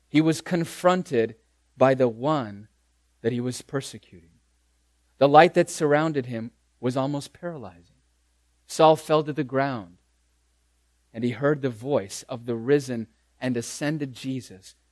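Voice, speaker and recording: Slow, deliberate preaching man. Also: medium pitch, no echo. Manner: slow, deliberate preaching with dramatic soft drops and emphatic repetition. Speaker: pastor. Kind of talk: sermon.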